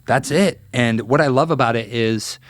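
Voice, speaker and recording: A guitarist in his thirties, appearing as a guest in a relaxed interview, tells stories with lots of energy and acts out the quotes. His speech is full of fillers, his pitch is medium, his speed normal, and the recording is dry.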